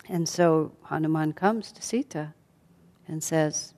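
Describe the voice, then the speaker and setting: A woman teacher retelling a story in a calm, reflective way with soft fillers. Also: fairly low pitch, a little slow. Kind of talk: storytelling lesson. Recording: long hall reverb.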